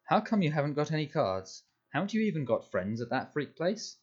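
A man's voice: a little high, big pitch swings, fairly quick, a little mellow, muffled recording, pitched above the performer's own voice. Man doing a sneering bully boy. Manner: sneering, taunting. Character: boastful bullying boy, taunting and whiny.

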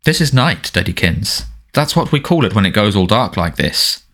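A man's voice: lowish voice, sing-song, normal speed, a bit bright. A man doing a mocking teenage boy. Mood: taunting. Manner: mocking, sardonic. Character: sarcastic teenage boy, defiant and needling.

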